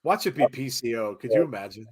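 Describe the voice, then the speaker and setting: A man hosting a live wrestling watch-along, chatting casually, laughing often and breaking into excited shouts. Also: medium pitch, fast talker, husky. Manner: chatty, laughs often, reads viewer comments. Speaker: host.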